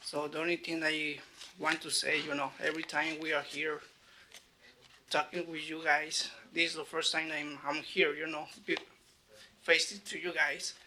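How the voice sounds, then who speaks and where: In a city council chamber, a business owner gives public comment at a council meeting, hesitant and phrasing things brokenly with frequent "you know." His voice is flat and bright, a little high, at a moderate pace, with a little hiss or hum in the recording.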